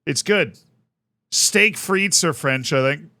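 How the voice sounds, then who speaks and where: A man's voice: fairly high pitch, takes it slowly, bright, forceful tone, no room sound. A young man from the United States chatting casually on a live stream, rambling and self-mocking as he thanks viewers by name.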